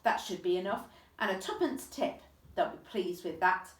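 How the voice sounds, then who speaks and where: A woman voicing a kindly, old-fashioned elderly male tramp with gentlemanly courtesy in a read-aloud story. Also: mid-range voice, expressive, normal speed, close to an everyday voice. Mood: fussy. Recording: echoey room, distant mic.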